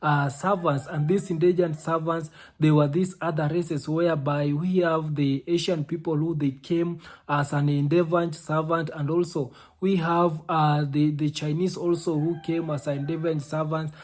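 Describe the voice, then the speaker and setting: A man's voice: a little high, flat delivery, moderate pace, hardly any pauses, darkish tone. Man explaining in repetitive commentary. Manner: explanatory, repeats phrases, frequent hesitations. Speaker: commentary host. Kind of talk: reaction commentary.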